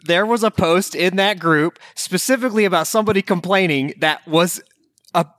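A man's voice: high voice, normal speed, a bit bright, no room sound, clean studio sound. A man guesting on a podcast, venting in a snarky, blunt way in casual chat.

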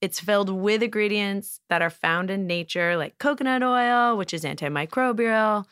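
Casual woman host, playful and quick with jokes, smooth voice, dry close mic. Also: medium pitch, a bit bright, no echo. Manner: playful, jokey, laughs often. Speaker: podcast host. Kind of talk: casual chat and host-read ad.

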